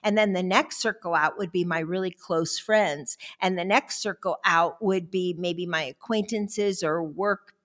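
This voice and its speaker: A woman's voice: on the low side, measured pace, hardly any pauses, a bit bright. An older woman talking as a guest author in a casual faith podcast chat, earnest and encouraging, often checking in with the listener.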